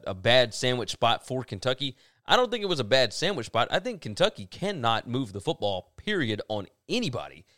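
A man co-hosts a casual football podcast, working through numbers with emphatic delivery. His pitch moves a lot, and the recording is dry and close. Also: fairly bright tone, dry recording. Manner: runs through stats, emphatic. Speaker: podcast co-host. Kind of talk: casual sports talk.

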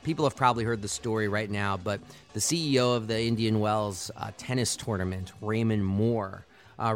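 A man hosting a sports podcast, delivering impassioned, argumentative solo commentary. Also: on the low side.

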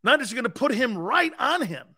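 A man's voice: very high voice, big pitch swings, brisk, heavy background noise. A man hosting sports talk radio, brash and emphatic, who laughs often and keeps calling his listeners "man" and "dude".

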